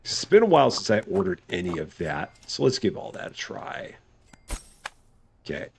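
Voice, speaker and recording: A man's voice: low voice, huge pitch swings, normal speed, gravelly, a little hiss or hum. A man giving casual live gameplay commentary as a streamer, chatty and good-humored, thinking aloud. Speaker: game streamer.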